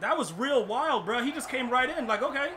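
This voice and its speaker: High-voiced frustrated young gaming streamer. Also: male voice, animated, fairly quick. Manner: frustrated, ranting, stammering restarts. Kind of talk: live gameplay commentary. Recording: clear background noise.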